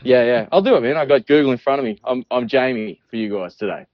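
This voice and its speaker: A man's voice: medium pitch, quick pace, dry recording, highs cut off. A man with an Australian accent calling in as a podcast guest, joking, swearing and laughing often. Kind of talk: casual call-in chat.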